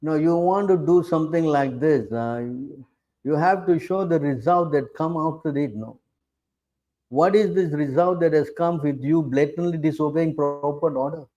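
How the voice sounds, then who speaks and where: A man's voice: on the high side, moderate pace, mellow, dull audio. A middle-aged man giving a scripture class as a preacher, challenging his listeners and often asking rhetorical questions. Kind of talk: sermon.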